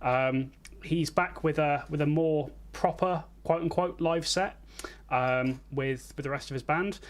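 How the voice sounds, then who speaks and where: A man's voice: fairly high pitch, unhurried. A man co-hosting an online music show, casual and self-deprecating, with stumbling restarts. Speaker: co-host.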